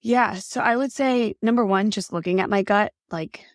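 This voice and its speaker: A woman's voice: medium pitch, normal speed, no echo, studio quality. A young adult woman guest on a podcast, telling her story in an earnest, casual way with frequent fillers. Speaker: podcast guest, holistic nutrition consultant. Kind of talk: casual interview conversation.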